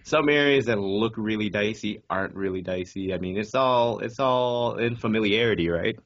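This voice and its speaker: A man's voice: lowish voice, moderate pace. A man from the United States, co-hosting a podcast in casual chat and telling stories full of swearing. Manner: profane, animated storytelling. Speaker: podcast co-host. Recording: dull lo-fi sound.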